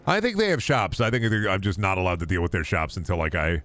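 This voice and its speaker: A young man casually commenting on his gameplay, joking and breaking into sudden high yelps and shouts. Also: animated, quick pace. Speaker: gaming streamer.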